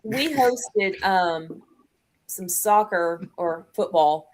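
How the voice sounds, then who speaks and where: Give me a chatty woman with a low voice hosting a casual live stream. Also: extremely slow, slight background noise. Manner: chatty, laughs easily. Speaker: host. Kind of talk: casual chat. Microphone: video call.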